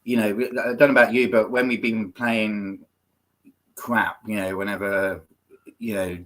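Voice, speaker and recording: A man's voice: lowish voice, a bit bright. A man hosting a casual football podcast, talking in a rambling, earnest way with lots of fillers. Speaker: podcast host.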